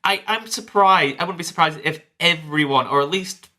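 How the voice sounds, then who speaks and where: An animated man recounts game stories as a podcast co-host. His voice is bright and forceful and sits a little high for a man, and he acts out quotes with a lot of energy. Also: moderate pace. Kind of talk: casual podcast chat.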